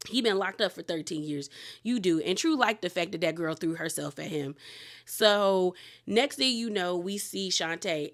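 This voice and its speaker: A woman hosting a casual reality TV recap, talking in a candid, outspoken way with gossipy asides. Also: lowish voice. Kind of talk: casual spoken recap and commentary.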